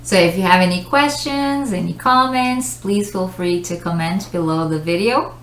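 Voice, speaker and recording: A woman's voice: lowish voice, expressive, moderate pace, a bit bright. A woman teaching an English pronunciation lesson, explaining patiently with examples. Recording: echoey room.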